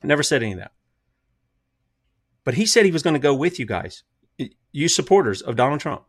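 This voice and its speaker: A man's voice: fairly high pitch, big pitch swings, brisk. A man hosting a casual political commentary show, talking emphatically and firing off rhetorical questions.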